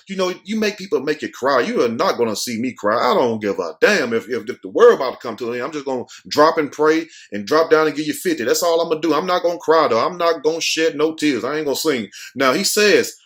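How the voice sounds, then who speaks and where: A man hosting a casual commentary show, reading news items aloud and riffing on them in a blunt, slangy, animated way. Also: fairly high pitch. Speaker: host.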